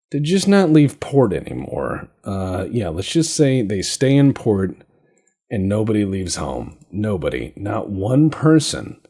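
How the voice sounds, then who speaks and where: Brief: male game-channel host, low dark voice, sardonic running commentary, casual cursing. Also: gravelly, breathy edge. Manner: joking, sarcastic, swears casually.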